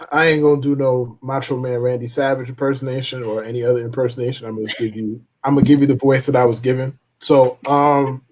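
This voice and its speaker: A man co-hosting a live-stream podcast in a casual chat, delivering dry deadpan jabs and slow, punchy lists. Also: medium pitch. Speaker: podcast co-host.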